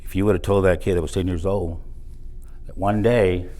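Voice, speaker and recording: A man's voice: low voice, fairly even intonation, normal speed, mellow. A middle-aged man from South Texas, telling personal stories in a motivational speech, with punchy emphasis on key words. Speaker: motivational speaker. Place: event hall.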